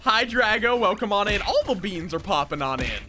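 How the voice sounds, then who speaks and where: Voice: mid-range voice, sing-song, moderate pace, bright, forceful tone, faint music behind. A streamer in casual live-stream chat while gaming, rambling and cutting themselves off mid-thought as they talk to viewers. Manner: rambling, self-interrupting, chatty with viewers.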